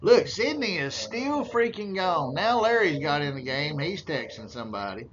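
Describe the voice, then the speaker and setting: Guy snarking over a meeting video, kinda high voice, muffled lo-fi audio w some hiss. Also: very animated, normal speed, a bit bright. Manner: mocking, crude, drawling, puts on voices for others. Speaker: commentator narrating meeting footage. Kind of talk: sarcastic running commentary. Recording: dull lo-fi audio with faint hiss.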